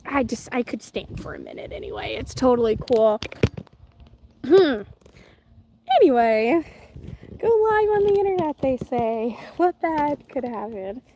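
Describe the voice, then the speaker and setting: A woman with a high voice chats casually on a livestream outdoors. She is giggly and self-deprecating as she reads out viewer comments. The sound comes from a phone or camera set on a table. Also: very animated, a little slow, long pauses, dark tone, a little hiss or hum. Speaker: livestream host. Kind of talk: casual live chat, reading comments.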